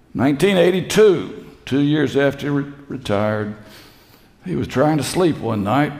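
A male pastor delivers a sermon at an unhurried pace, letting his phrases breathe before building to forceful emphasis. His voice carries through a church sanctuary with a long, roomy reverb. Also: mid-range voice, creaky. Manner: slow storytelling preacher, rising to emphatic peaks. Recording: echoey church hall.

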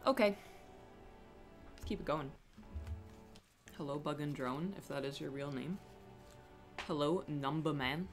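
Relaxed streamer voice, slow drawl, mid pitch, casual cursing and easy laughter, soft music underneath. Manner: laid-back, swears casually, laughs often. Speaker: game streamer. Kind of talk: casual live-stream chat while gaming.

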